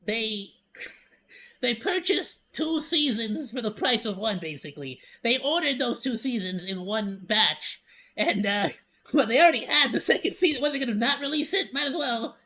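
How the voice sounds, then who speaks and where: A VTuber streamer with a medium-pitched voice offers casual reaction commentary at a moderate pace. She's playful and animated, laughing as she rambles, with frequent stammers and restarts.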